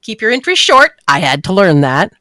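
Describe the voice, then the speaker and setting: A woman's voice: mid-range voice, big pitch swings, normal speed, sharp tone, no echo, clean studio sound. A middle-aged woman hosting a podcast in casual chat, talking bluntly and forwardly. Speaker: podcast host.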